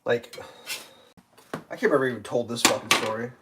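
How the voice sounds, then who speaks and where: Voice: mid-range voice, fairly quick. A live streamer telling traffic stories in a rambling, profane rant, full of "like" and acted-out outbursts. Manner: profane, ranting, heavy use of "like"; animated, acts out other drivers in loud bursts.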